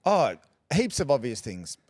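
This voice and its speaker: A middle-aged Australian man talking candidly in a relaxed interview, joking and rambling through stories. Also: mid-range voice, measured pace, no room sound, clean studio sound. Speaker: podcast guest, radio personality.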